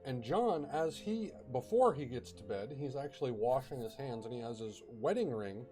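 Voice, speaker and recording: A man's voice: mid-range voice, lively intonation, moderate pace, mellow, soft background music. A man casually telling a ghost story, chatty, with fillers and bursts of dramatic emphasis.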